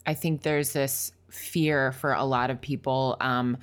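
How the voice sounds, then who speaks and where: A woman hosting a podcast, talking in a warm, affirming, measured way into a large studio microphone. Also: fairly even intonation. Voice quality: gravelly low voice. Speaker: podcast host. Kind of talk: intimate podcast conversation.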